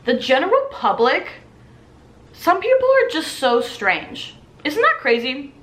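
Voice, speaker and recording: A young woman in her twenties tells stories about her shifts as a server in a lively, chatty way and slips into other people's voices. Her voice is bright and sits fairly high. The room around her rings with echo. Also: unhurried. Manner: animated, acts out customers' voices. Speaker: vlogger and restaurant server. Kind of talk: casual storytime chat.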